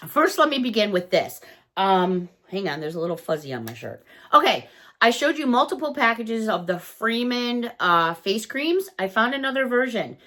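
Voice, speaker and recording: Woman, excitable haul chatter, high bouncy voice. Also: moderate pace. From Chicago, USA. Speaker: haul vlogger. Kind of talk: casual unboxing chat.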